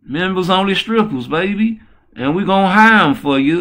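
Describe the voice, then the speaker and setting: A man hosting his own channel, talking in a profane, boisterous, rambling way that swings between low mutters and loud excited bursts. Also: moderate pace. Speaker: channel host. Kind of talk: rambling livestream talk.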